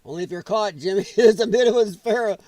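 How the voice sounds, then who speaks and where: A man's voice: sits high, fast talker, mellow, dry recording, studio quality. A middle-aged American man from the Midwest hosting a political commentary stream, ranting with profanity and sarcasm. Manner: profane, sarcastic, mocking mimicry of others.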